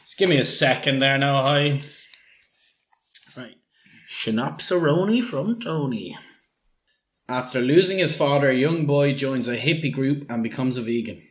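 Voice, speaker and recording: A man co-hosting a comedy podcast, relaxed with short, dry answers. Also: mid-range voice, unhurried, long pauses. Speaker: podcast co-host. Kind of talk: casual comedy chat.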